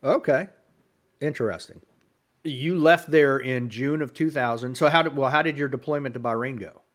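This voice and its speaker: A male podcast host with a mid-pitched voice keeps a casual interview moving. He asks brief follow-up questions and reacts with short remarks. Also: moderate pace, fairly bright tone.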